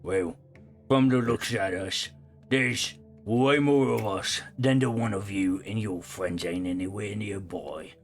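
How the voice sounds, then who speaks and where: A man voicing a huge, menacing male barbarian warrior who talks in a gruff, slangy way. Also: on the low side, a little slow, faint music behind.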